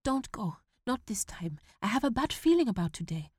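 Woman reading as a scared 14-year-old boy in a storybook, high, urgent and pleading, dry close sound. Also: very animated, normal speed, darkish tone, husky, dry recording. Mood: desperate.

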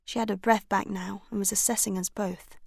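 A woman narrating a story, first-person audiobook reading with expressive delivery. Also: medium pitch, a little fast, creaky, no room sound, studio quality. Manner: expressive, voices each character. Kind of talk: scripted narration.

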